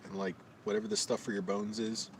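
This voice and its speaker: A man's voice: on the low side, flat delivery, a little fast, distant mic. A man with a scratchy voice live-streaming a rambling, amused running commentary outdoors in a park. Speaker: vlogger. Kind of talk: casual live-stream chat.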